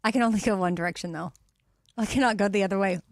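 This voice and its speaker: Female radio co-host, casual and quick to laugh, dry close mic. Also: mid-range voice, no echo. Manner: laughing, squeamish reactions. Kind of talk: casual studio banter. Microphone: studio microphone.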